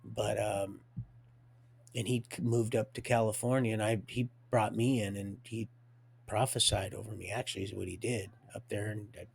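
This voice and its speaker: A man's voice: fairly low pitch, fairly even intonation, moderate pace, gravelly, a little hiss or hum. A man livestreaming a rambling personal monologue with frequent restarts and religious asides.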